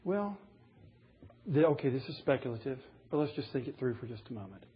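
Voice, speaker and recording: A man's voice: medium pitch, sing-song, brisk, slightly rough, highs cut off. A man preaching a sermon, earnest and rising to emphatic passages as he reads scripture aloud. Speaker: pastor.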